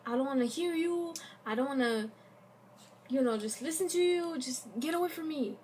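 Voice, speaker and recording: A shrill young woman shouting back in defense, her voice pitched well above normal talk, as a female storyteller acts her out, with a faint hum of noise around her. She sounds cornered and upset as she pushes someone away. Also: normal speed, natural voice. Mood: defensive. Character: distressed young woman yelling at boyfriend.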